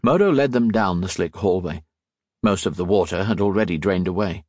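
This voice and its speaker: A man narrating an audiobook in a steady, measured storytelling manner. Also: low-pitched, no room sound. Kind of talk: scripted narration.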